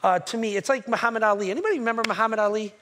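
A man with a high-pitched voice delivers a sermon from the pulpit. He keeps it conversational, often turning to the congregation with a quick "right?" to check they are following. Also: a bit bright, a little hiss or hum. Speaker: pastor. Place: church sanctuary.

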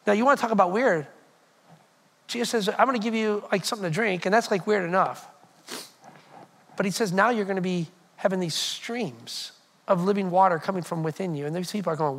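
High-voiced man preaching a sermon. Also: a little fast. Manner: storytelling, animated, addresses congregation directly. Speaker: pastor.

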